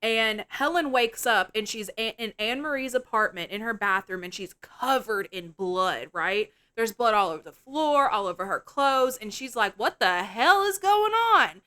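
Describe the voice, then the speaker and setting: A woman co-hosting a podcast, retelling a film scene in a profane, animated chat. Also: medium pitch, normal speed, few pauses, clean tone. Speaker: podcast co-host. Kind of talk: casual movie-review chat.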